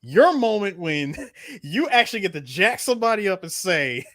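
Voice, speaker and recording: A man's voice: high-pitched, big pitch swings, moderate pace, a bit bright, no room sound. A man co-hosting a live podcast, teasing a friend in a playful way. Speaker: podcast co-host. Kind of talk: live podcast chat about a film.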